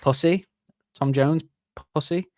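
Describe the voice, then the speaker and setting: A man's voice: on the high side, slow, a little mellow. A man co-hosting a comedy podcast, crude and giggly, bursting into silly voices. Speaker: podcast co-host. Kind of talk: casual comedic banter.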